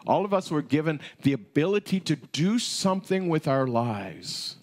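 Animated, conversational male pastor. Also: fairly high pitch, normal speed. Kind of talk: sermon.

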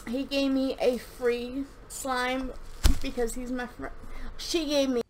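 A woman's voice: high voice, level tone, slow pace, slight background noise. A young woman chatting casually through a product review, rambling and gushing, with frequent restarts and fillers. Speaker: slime reviewer and shop owner.

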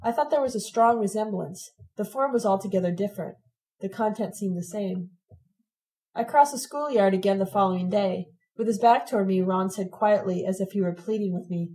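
A woman reading a first-person story told in letters, in a steady, plain storytelling manner. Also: medium pitch, moderate pace, poor audio. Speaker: audiobook reader.

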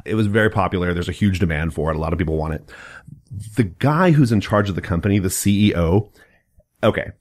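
A man hosting a casual podcast chat, gushing with excitable, profane enthusiasm. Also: low voice, fast. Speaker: podcast host.

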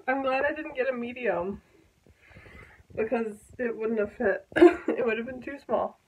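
A young woman in an excited unboxing vlog, giddy and squealing, laughing and near tears. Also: on the high side, normal speed, background noise. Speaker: vlogger.

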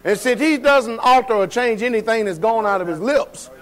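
A man with a high-pitched voice preaches a sermon in a church. He talks in a folksy, everyday way and keeps asking the congregation questions. His delivery is call-and-response. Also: moderate pace, a bit bright. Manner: folksy, colloquial. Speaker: pastor. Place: church sanctuary.

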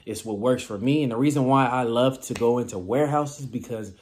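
Man, californian accent, mellow dark voice, animated casual advice, acts out quick scenes. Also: mid-range voice. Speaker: vending machine business vlogger.

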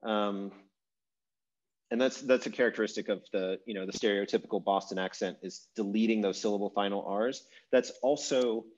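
A man teaching an online language class over a video call, talking in a relaxed, rambling way with fillers and restarts. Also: fairly low pitch, normal speed. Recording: dull lo-fi video call audio.

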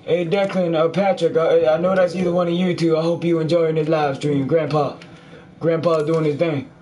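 In a fairly high, dark voice with flat delivery and normal pace, a gamer narrates his horror playthrough. The let's play is full of crude jokes and cursing at each thing he runs into. Faint background noise is present.

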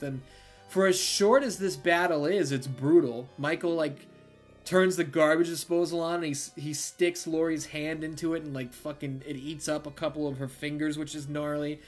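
A film reviewer talks through a movie's plot in a loose, unscripted recap. The delivery is blunt and full of swearing, with lots of "like" and "you know" between points. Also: medium pitch. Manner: profane, blunt and heavy with fillers.

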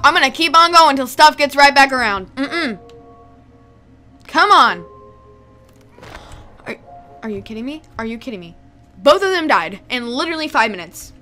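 Young woman let's-player, bright and sharp in tone, excitable and emotional. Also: high-pitched. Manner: excitable, emotional, pleading with the game. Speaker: let's play gamer. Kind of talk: reacting to a video game. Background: faint game music.

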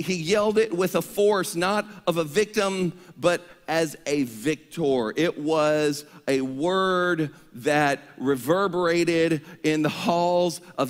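A male pastor preaching an energetic sermon, leading the congregation in call-and-response. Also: fairly high pitch. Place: church sanctuary. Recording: long reverb of a church hall.

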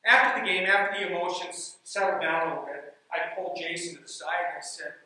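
Coach guy telling a game story, high voice, super echoey, sounds far from the mic. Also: quick pace. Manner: animated, builds suspense in anecdotes. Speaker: basketball coach. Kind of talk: storytelling speech.

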